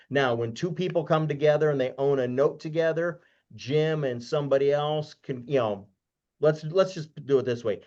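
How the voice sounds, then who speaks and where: A man explaining lending points as a guest expert, deliberate and emphatic, repeating key points slowly. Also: mid-range voice, a little mellow. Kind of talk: explanatory webinar talk. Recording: dull lo-fi online call audio.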